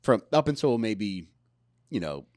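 A man's voice: lowish voice, big pitch swings, a little slow, darkish tone, no echo, clean studio sound. A man, a guest on a comedy podcast, rambling and crude with lots of fillers. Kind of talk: casual comedic chat.

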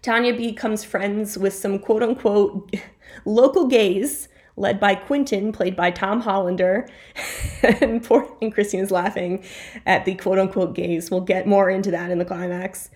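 A woman's voice: medium pitch, fairly even intonation, a little slow, a little mellow. A woman co-hosting a casual podcast, chatting through a TV recap with playful asides and self-corrections. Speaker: podcast co-host.

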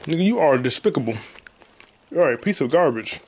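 A man hosting a solo podcast, a comedian ranting casually and profanely, with sudden loud outbursts. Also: a little high, animated, brisk, a little hiss or hum. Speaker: podcast host and stand-up comedian.

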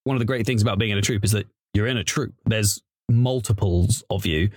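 A man's voice: lowish voice, brisk, slightly rough, no echo, studio quality. A man talking casually as an improv comedian guest, chatty and rambling. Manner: chatty, rambling with restarts and laughs. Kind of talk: casual interview chat.

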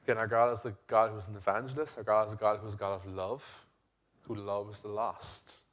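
A young adult man, a pastor preaching a sermon in an earnest way, rising to loud emphasis and dropping to quiet intensity. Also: lowish voice, flat delivery, fairly quick.

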